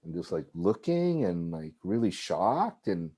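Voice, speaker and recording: A man being interviewed as a filmmaker, telling a personal story in an animated way with frequent "like"s and restarts. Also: low-pitched, measured pace. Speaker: filmmaker guest.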